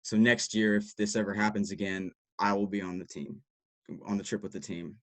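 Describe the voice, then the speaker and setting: Guy telling frank stories from his dietitian job, lowish voice, dry close sound, swears sometimes. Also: steady tone, fairly quick, dry recording. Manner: candid storytelling, casual with swearing. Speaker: sports dietitian speaker. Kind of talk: reflective talk to practitioners.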